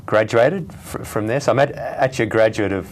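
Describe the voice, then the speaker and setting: A man's voice: fairly low pitch, fairly quick, slight background noise. A man with an Australian accent, a guest in an interview, talking hesitantly and laughing easily.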